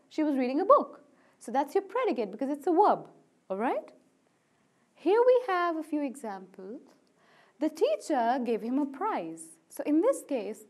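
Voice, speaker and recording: A woman's voice: high voice, darkish tone. A young woman teaching a grammar lesson. She explains each point step by step and keeps checking in with "right?" after each one.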